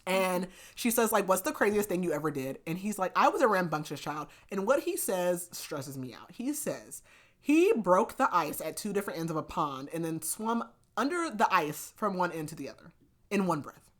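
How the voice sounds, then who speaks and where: Podcast host, young woman, lower-pitched, chatty recap style with constant fillers. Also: very animated, moderate pace, a bit bright. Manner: chatty, filler-heavy retelling with lots of "like". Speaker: book review podcast host. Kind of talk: casual book recap.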